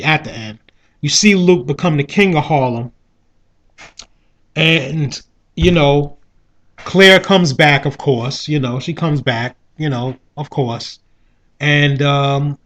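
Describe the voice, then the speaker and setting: A man's voice: a little high, slow, pauses often, a bit bright, muffled recording. A man giving a casual, rambling spoken review of a show, often asking "you know what I mean". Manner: rambling, with frequent 'you know what I mean'.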